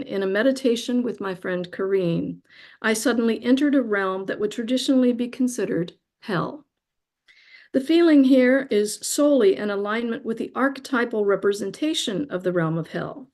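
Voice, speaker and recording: A woman guest reading a spiritual account aloud in a slow, soft, reverent way, moved nearly to tears. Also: a little high. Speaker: guest speaker.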